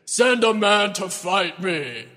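A man voicing a boastful giant warrior who shouts a slow, loud challenge across a valley. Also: big pitch swings, exaggerated voice. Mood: defiant. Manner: loud, slow, booming taunts. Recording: long hall reverb.

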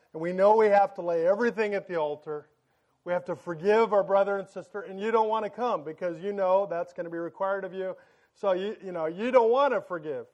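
Male pastor, 30s, high-pitched, loud excited preacher who jokes and tells family anecdotes. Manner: joking, storytelling, loud and excited. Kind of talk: sermon. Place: church sanctuary.

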